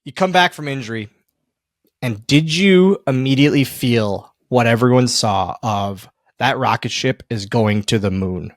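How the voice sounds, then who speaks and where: A man hosting a podcast, telling stories in a casual, animated way and laughing often. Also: mid-range voice, a little slow, no echo, clean studio sound. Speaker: podcast host. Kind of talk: casual interview chat.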